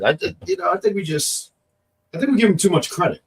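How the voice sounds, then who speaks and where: This co-host of a wrestling review show talks fast in a high, sing-song voice, far from the mic with slight background noise. He has a cough but keeps rambling on the casual stream, joking, ribbing the chat, and reading comments out loud.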